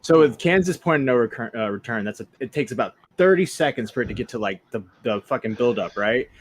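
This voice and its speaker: A man's voice: mid-range voice, lively intonation, fast, slight background noise. A man co-hosting a podcast, telling a crude story in a laid-back way. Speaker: co-host. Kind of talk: casual chat.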